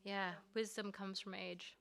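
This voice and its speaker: A woman's voice: mid-range voice, little pitch movement, measured pace, gravelly, a bit bright. A middle-aged woman chatting casually and emotionally after a live set, laughing often. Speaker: musician guest.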